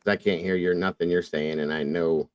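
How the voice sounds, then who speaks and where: A man's voice: low-pitched, fairly even intonation, normal speed, clear, resonant tone, no echo. A man hosting a casual online show, muttering in frustration about his glitching computer. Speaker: podcast host. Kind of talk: casual livestream chat.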